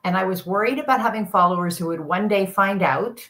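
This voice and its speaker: A woman's voice: medium pitch, a little fast, a bit bright. A woman from Canada, a guest parent coach, speaking in a casual chat with an earnest, forthright manner.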